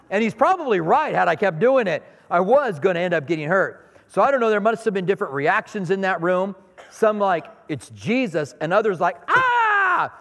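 In a church sanctuary, a middle-aged pastor with a high, gravelly voice preaches conversationally, telling anecdotes and acting out little scenes. The recording carries the long reverb of a large hall.

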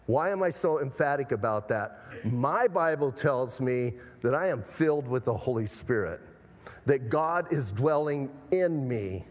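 A pastor from Arizona preaching a sermon in an emphatic manner, repeatedly urging the congregation to listen. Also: male voice, mid-range voice, animated, moderate pace. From Arizona, USA. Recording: long hall reverb.

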